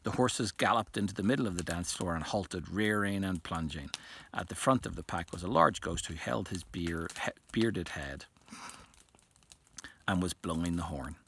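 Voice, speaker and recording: A man's voice: deep voice, moderate pace, creaky, fairly bright tone, a little hiss or hum. A man reading a novel aloud, with occasional slips and restarts. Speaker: reader.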